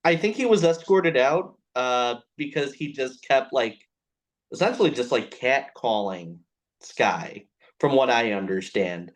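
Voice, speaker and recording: A man co-hosting a casual talk show, easygoing and quick to agree. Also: mid-range voice, animated. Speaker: co-host. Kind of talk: casual chat.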